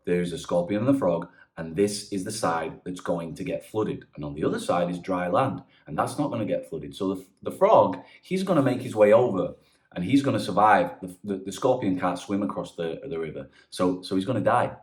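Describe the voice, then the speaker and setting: A man's voice: sits low, lively intonation, fairly quick, a little mellow. A man giving earnest, rambling advice in a casual vlog monologue, often restarting his sentences. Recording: echoey room.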